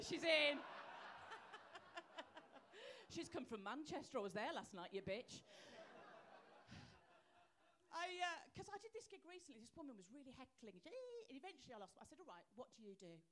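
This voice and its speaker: Woman, birmingham accent, stand-up comic, cheeky brash delivery, high voice. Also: big pitch swings, moderate pace, pauses often, crowd noise. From Birmingham, England. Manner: brash, cheeky, teasing the audience. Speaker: stand-up comedian. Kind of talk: live stand-up. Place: live comedy venue.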